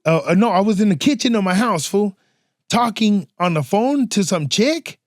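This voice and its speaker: A man's voice: high voice, normal speed, dry recording, clean studio sound. A man hosting a podcast, telling stories in a casual, slangy, profane way and acting out the people in them. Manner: slangy and profane, peppers talk with "fool" and "dog"; animated, acts out voices in his stories. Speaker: podcast host. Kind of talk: casual storytelling chat.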